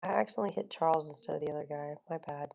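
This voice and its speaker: A middle-aged woman hosts a casual livestream, rambling to her viewers and answering their comments. She laughs easily and swears bluntly. Her voice sits low, with a gravelly, fry-laden texture. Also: very fast, darkish tone. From Florida. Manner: chatty, laughing, blunt and profane. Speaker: livestream host.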